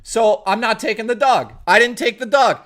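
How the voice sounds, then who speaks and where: A young man from Toronto streaming, telling a long story in a rambling, animated way, swearing freely. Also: very high voice, moderate pace. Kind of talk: casual storytelling on a live stream.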